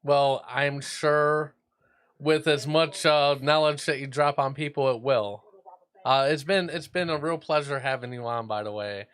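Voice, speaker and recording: A man hosting an interview in casual, relaxed chat, joking with his guest. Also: a little high, a little slow, clear, resonant tone. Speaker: host.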